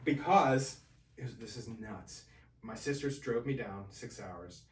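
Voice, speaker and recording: A man as a podcast guest, telling his own story in a casual, animated way and acting out the voices of the people in it. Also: mid-range voice, unhurried, echoey room, distant mic, slight background noise. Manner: animated, acts out quoted voices.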